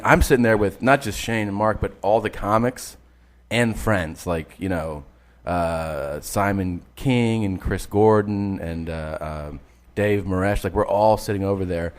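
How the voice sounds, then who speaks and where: Podcast co-host, male, low-pitched, loose profane storyteller. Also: unhurried. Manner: animated anecdote teller, swears, laughs often. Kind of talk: casual storytelling chat.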